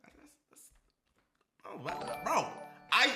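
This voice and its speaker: A man reacting live on stream, excitable and joking, with stammering repeats. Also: on the high side, moderate pace, echoey room, soft background music.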